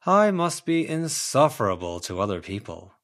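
A man's voice: mid-range voice, very animated, fairly bright tone, voice pushed up. A man voicing a whimsical, romantic young man in an audiobook reading, drawing out his words dramatically. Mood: dreamy theatrical. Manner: slow, lingering, dramatic delivery.

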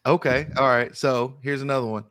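A man's voice: mid-range voice, a little fast, no echo. Male host, easygoing, dry close mic, runs the quiz questions. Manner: relaxed, reads out questions. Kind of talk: casual podcast chat.

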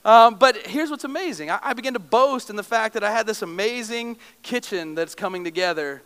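A man's voice: high-pitched, a little fast, a bit bright, smooth. A young adult male pastor preaching a sermon, emotive and storytelling with self-deprecating humor. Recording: long reverb of a large hall.

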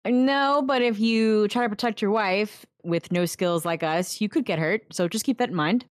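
A woman's voice: medium pitch, moderate pace, no room sound. Woman player, straight-talking, dry close mic. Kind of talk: tabletop role-play.

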